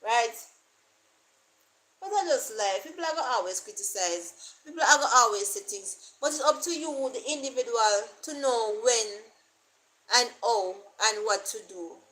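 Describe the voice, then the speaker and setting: A woman's voice: fairly high pitch, animated, normal speed, a bit bright, low-quality recording. A Jamaican woman vlogger chatting casually to camera, rambling and repeating herself as she thinks aloud.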